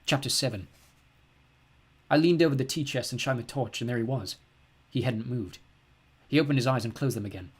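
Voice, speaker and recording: Husky man reading an audiobook. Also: medium pitch, fairly quick, pauses often. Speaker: audiobook reader. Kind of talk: first-person audiobook narration.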